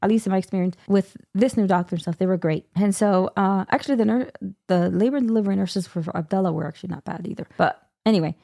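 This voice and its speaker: A woman's voice: medium pitch, fast, creaky, warm tone, no echo, studio quality. A woman in her thirties, co-hosting a podcast, telling a story in casual chat and laughing often. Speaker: podcast co-host.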